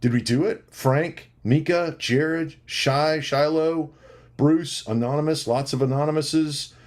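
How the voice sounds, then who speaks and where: A man hosting a livestream, rapidly reading out supporter names and thanking them in a casual, jokey way. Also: a little high. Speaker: livestream host.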